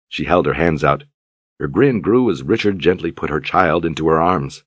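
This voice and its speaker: A man narrating an audiobook in a measured, calm storytelling manner. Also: very deep voice, husky, no room sound.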